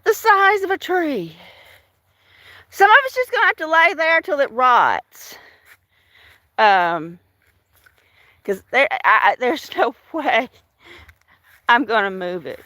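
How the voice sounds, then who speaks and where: A woman's voice: fairly high pitch, big pitch swings, takes it slowly, pauses often, pushed and bright, no room sound. A woman chatting casually on a live stream, walking outdoors through her yard and greeting viewers by name, laughing often. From Washington state. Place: outdoors in a storm-damaged yard.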